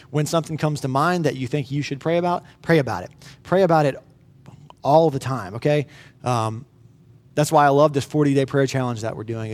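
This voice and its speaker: A man's voice: mid-range voice, darkish tone. Pastor in his thirties, male, conversational sermon delivery, earnest, with some restarts.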